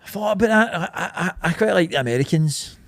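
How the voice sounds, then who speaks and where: A man's voice: high voice, animated, quick pace, a bit bright, no room sound. A Scottish man in his thirties co-hosting a podcast in sweary, laughing, casual banter. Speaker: podcast co-host. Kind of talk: casual chat.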